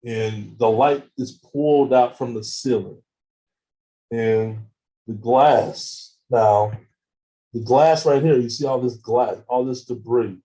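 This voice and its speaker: A man speaks at a seminar, telling his story with animated energy. His voice is mellow and warm, and he acts out both sides of phone calls. He stumbles over words and repeats them often. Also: mid-range voice, slow, rough recording. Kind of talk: storytelling talk with slides.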